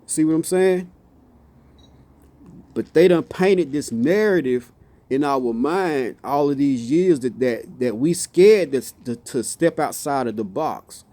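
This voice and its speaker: A slightly high, mellow male voice with lively intonation takes things slowly in a dry recording. This motivational speaker delivers a casual, impassioned off-the-cuff monologue, repeating "you see what I'm saying" and stumbling into restarts.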